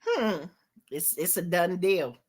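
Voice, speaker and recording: Taking it slowly, a host with a fairly low, slightly rough voice chats casually about the plot of a TV episode. She's animated, performs the quotes, and swears freely.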